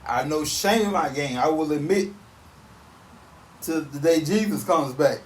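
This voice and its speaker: A man in his thirties hosting a podcast, ranting casually in an animated, repetitive, emphatic way on a back porch outdoors. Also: fairly high pitch, normal speed. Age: 30s. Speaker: podcast host. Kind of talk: casual solo rant. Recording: roomy sound from off mic.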